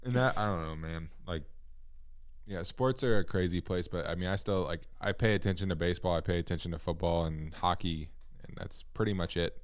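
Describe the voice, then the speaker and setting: A man's voice: sits low, a little fast, clean tone. A man co-hosting a casual podcast chat, talking sports emphatically and swearing casually. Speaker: podcast co-host.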